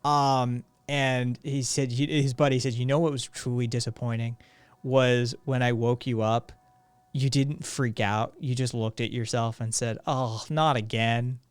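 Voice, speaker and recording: A man's voice: medium pitch, steady tone, unhurried, clean tone, dry recording. A man casually telling a long anecdote on a livestream, full of fillers and acted-out quotes, with faint music behind. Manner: rambling, acts out quotes, frequent fillers. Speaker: podcast co-host.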